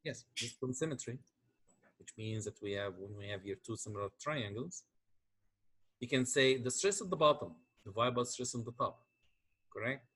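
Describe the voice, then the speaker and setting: Man lecturing with a husky voice. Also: mid-range voice, lively intonation, normal speed, a bit bright. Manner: explains step by step, asks checking questions. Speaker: engineering lecturer. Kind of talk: classroom lecture.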